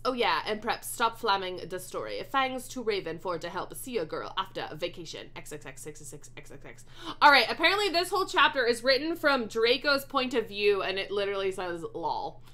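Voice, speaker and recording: A woman's voice: medium pitch, bright, forceful tone. A woman streamer reading a fan fiction aloud for laughs, swearing and exasperated. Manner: exasperated, swears a lot, reads with mock emphasis. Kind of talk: comedic dramatic reading with commentary.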